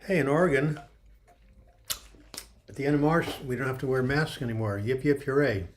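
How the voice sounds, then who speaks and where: A man's voice: medium pitch, moderate pace. An older man in his seventies chats on a casual livestream, wandering from one joke to the next as he greets viewers by name. His throat sounds a little dry. He speaks from home into a computer mic. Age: 70s. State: dry throat with occasional coughing. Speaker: livestream host.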